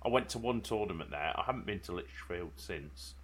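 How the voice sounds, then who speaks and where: A man's voice: low voice, animated, fairly quick, a little hiss or hum. A man, co-hosting a podcast and reading the news segment in a chatty way, often ending with tag questions. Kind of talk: casual podcast chat. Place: home bedroom.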